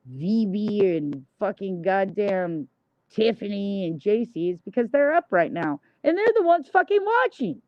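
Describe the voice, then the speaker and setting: A woman's voice: on the high side, no echo. A woman livestreamer ranting in a blunt, heavily profane, indignant monologue. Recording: dull, dry lo-fi mic.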